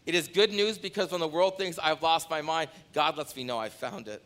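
A pastor delivering an impassioned sermon to his congregation, his delivery swinging from loud declarations to hushed appeals. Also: fairly high pitch, brisk. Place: church sanctuary.

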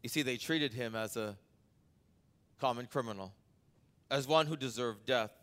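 Speaking at a normal speed with a fairly bright tone, a male pastor preaches a sermon. He relates an anecdote casually, building toward emphatic moments and then letting his voice drop low.

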